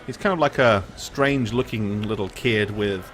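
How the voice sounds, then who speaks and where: A man's voice: lowish voice, moderate pace, very noisy. A man narrating a tabletop game as game master, laughing often and joking with his players.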